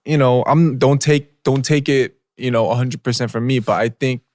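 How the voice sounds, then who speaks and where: A man's voice: medium pitch, steady tone, normal speed, a little mellow, no room sound. Laid-back young man telling a story. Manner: laid-back slangy storytelling, lots of "like" and "bro". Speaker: podcast co-host. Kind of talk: casual storytelling chat.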